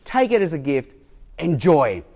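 A man voicing a calm, generous village barber in a told joke, repeating the same kind offer. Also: on the high side, unhurried, muffled recording, exaggerated voice.

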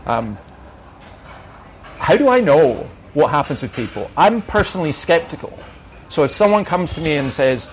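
A man's voice: fairly high pitch, very animated, normal speed, a little hiss or hum. A middle-aged man, a minister, answering questions in an emphatic, argumentative way and telling anecdotes.

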